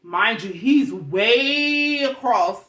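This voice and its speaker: A young woman vlogger telling a story in a chatty, animated way, talking straight to her viewers. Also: fairly high pitch, very slow, roomy sound.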